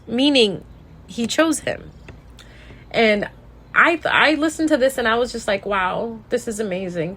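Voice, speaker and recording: A woman's voice: fairly high pitch, a bit bright. A tarot reader, a woman, talking casually and emotionally, sad and tearful, rambling and restarting her sentences. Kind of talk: casual storytelling monologue.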